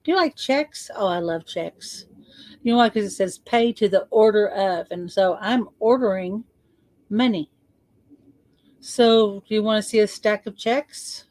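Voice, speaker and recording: Slow playful woman leading a visualization. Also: mid-range voice, a little mellow, no echo. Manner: slow, playful, repeats words for emphasis. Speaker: spiritual coach leading a guided exercise. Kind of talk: guided visualization.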